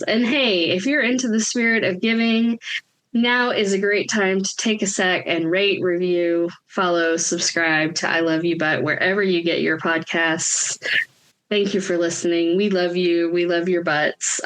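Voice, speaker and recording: A woman podcast host, reading the show's outro in a brisk, friendly manner. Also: on the low side, fairly bright tone, poor audio.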